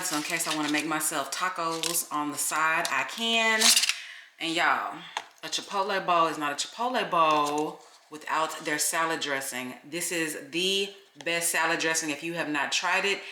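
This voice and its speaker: A young adult woman chatting casually to her viewers in a vlog, telling stories in an animated, profane way. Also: low-pitched, normal speed, slight background noise. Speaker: vlogger. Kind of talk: casual vlog chat to camera.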